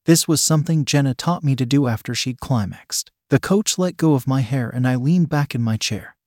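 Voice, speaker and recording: A male narrator reads a first-person story aloud steadily and evenly at a moderate pace. His voice is middle-pitched, and the recording is dry and close with no room sound.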